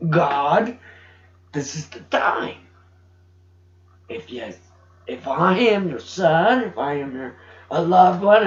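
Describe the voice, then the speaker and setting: A middle-aged man giving an emotional personal testimony, halting and restarting as he speaks. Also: a little high, very animated. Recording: dull roomy home recording.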